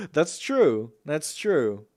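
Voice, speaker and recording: A young man hosting a gaming news livestream, talking quickly and casually, swearing and laughing often. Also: on the high side, big pitch swings, a little mellow. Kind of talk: casual live-stream chat.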